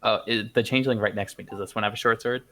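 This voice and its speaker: A man's voice: on the low side, steady tone, racing, pushed and bright. A man playing in an online tabletop game, joking wryly as he talks through his turn. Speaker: player. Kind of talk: casual tabletop game chat.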